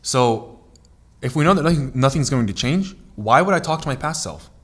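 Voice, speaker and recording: A man's voice: mid-range voice, animated, normal speed, a bit bright. A man co-hosting a podcast, explaining at length in casual chat, with many restarts and repeated words. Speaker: podcast co-host.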